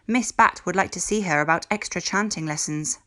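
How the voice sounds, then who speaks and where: A woman's voice: lowish voice, a little fast, pushed and bright. A woman voicing a stern, cold adult witch teacher who speaks in a clipped, weary way.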